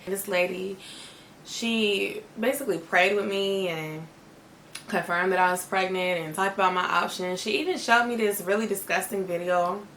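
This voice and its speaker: A woman's voice: on the low side, fairly bright tone. A young woman vlogger telling a personal story straight to her viewers in a candid, chatty way. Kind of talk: storytime vlog. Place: at home, indoors. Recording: echoey room with faint noise.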